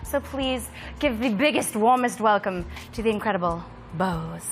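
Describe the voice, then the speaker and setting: A woman's voice: medium pitch, expressive, normal speed, slight background noise. A woman hosting a casual studio craft show, upbeat and playful, laughing often. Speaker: host.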